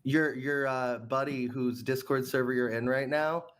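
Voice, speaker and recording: A man's voice: mid-range voice, steady tone, measured pace, fairly bright tone, clear, resonant tone. A man in a casual voice chat, talking in a sarcastic, mocking way. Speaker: voice chat participant.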